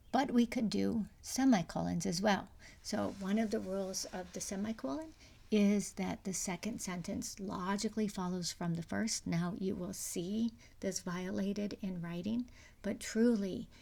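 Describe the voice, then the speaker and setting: A woman's voice: mid-range voice, creaky, a little mellow. A middle-aged woman giving a recorded university lecture, explaining step by step with many fillers and restarts. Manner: explanatory, frequent fillers and restarts, sometimes drops to a whisper. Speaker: university English instructor.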